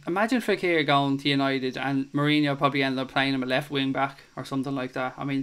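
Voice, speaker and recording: Young male host, casual and profane, smooth clear voice, mid pitch, riffing on chat comments. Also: a bit bright. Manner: chatty and swears freely. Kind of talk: casual live chat reading viewer comments.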